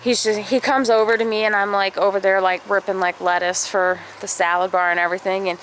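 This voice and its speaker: A woman's voice: medium pitch, flat delivery, a little fast, a bit bright, a little hiss or hum, rough recording. A young woman vlogger telling a rambling story in casual chat, full of fillers. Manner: rambling, filler-heavy, acts out quotes.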